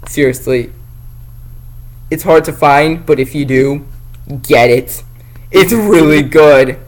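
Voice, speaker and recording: A male vlogger chatting casually about comics, excitable and jokey, rambling from one thought to the next. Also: on the high side, slow pace, rough recording. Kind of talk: casual review chat.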